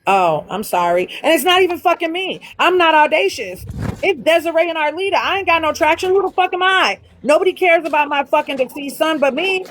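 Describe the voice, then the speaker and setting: A woman's voice: very high-pitched, lively intonation, a little fast, a bit bright, poor audio. A woman hosting a casual livestream, ranting bluntly with heavy profanity. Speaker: livestream host.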